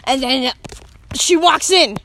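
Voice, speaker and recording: A woman's voice: high-pitched, animated, takes it slowly, sharp tone, slight background noise. A young woman in casual chat, rambling through a long retelling full of fillers and laughter. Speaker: storyteller.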